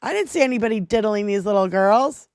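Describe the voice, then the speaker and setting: A woman's voice: medium pitch, animated, fairly quick, a little mellow, clear, resonant tone, dry recording. A woman co-hosting a political livestream, ranting in a profane, mocking and emphatic way. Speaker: co-host. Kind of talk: heated political livestream chat.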